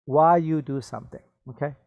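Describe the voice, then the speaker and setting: A man's voice: fairly high pitch, fairly quick, vocal fry, no echo, muffled recording. A man teaching an English vocabulary lesson, patiently repeating words and checking in with "okay?".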